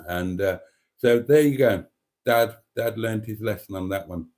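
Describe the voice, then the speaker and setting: A man's voice: fairly low pitch, measured pace, a little mellow. A man hosting a casual live stream, rambling through a story and reading out viewer comments.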